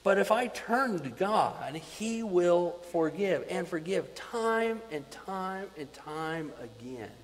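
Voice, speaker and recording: A man preaching a sermon as pastor, swinging between loud emphasis and quiet, repeating words for weight. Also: sits high, expressive, slow, hardly any pauses, big-room sound, low-quality recording.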